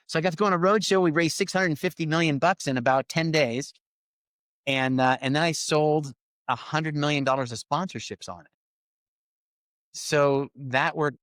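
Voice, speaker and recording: A middle-aged man telling business stories in a casual interview, acting out quoted lines with lively swings. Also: medium pitch, a little fast, clear, resonant tone, dry recording. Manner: animated storyteller, acts out quoted lines. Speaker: podcast guest.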